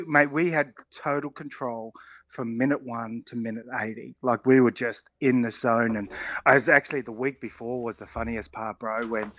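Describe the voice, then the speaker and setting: A middle-aged Australian man, a former rugby player co-hosting a sports radio show, talking in an excited, rambling way and laughing often. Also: mid-range voice, no room sound, lo-fi sound. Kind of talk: casual sports radio chat.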